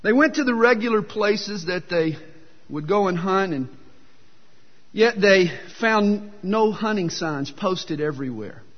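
A man's voice: high voice, expressive, unhurried. A man preaching a sermon, telling folksy jokes with a self-deprecating humor, recorded in a dull, echoey hall. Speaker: pastor.

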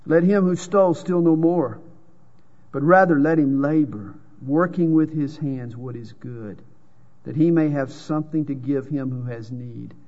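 A pastor from the American South preaches a sermon in an unhurried, higher-pitched voice with a Southern US drawl. He tells folksy jokes and reads scripture, captured in dull lo-fi sound with long hall reverb.

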